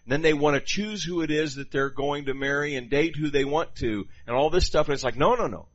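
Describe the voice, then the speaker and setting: A man preaching a sermon in an animated, conversational way, with quoted asides to the congregation. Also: on the high side, brisk, lo-fi sound.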